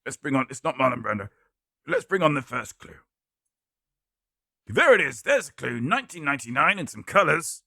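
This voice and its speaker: A man hosting a live-streamed guessing game, reading out viewers' guesses and answering them with wry, deadpan jokes. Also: medium pitch, normal speed, gravelly, long pauses, dry recording, clean studio sound.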